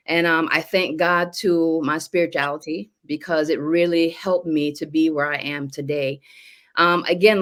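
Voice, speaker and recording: A middle-aged woman speaks slowly and earnestly, clearly moved as she shares her story with a panel. Her voice sits fairly low. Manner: emotional, slow and earnest. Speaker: business testimonial speaker. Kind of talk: personal testimony on a panel.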